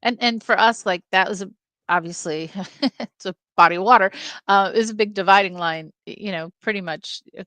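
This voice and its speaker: A woman's voice: medium pitch, brisk, a bit bright, no room sound. Woman chatting about movies on a video call, dry close sound, lots of ums. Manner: chatty, explains background facts with many fillers. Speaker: film podcast co-host. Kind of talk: casual film discussion.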